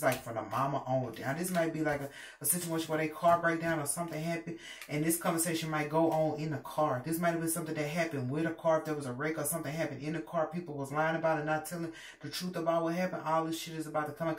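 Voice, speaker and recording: A woman giving a casual tarot reading, animated and emphatic, with plenty of profanity. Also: sits low. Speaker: tarot reader. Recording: roomy, distant mic, faint noise.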